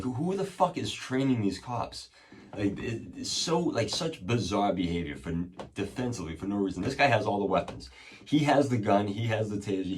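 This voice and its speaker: Low-voiced dude rambling a story, lots of ums and swearing, sits a bit far from the mic. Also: male voice, slight background noise. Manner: rambling, profane, many fillers and restarts. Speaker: podcast host. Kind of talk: casual storytelling.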